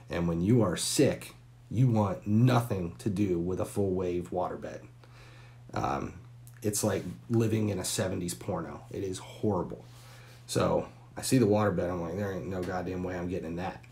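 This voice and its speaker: A man in his forties hosting a live stream, telling a long, candid and profane story with pauses and fillers. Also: sits low, warm tone.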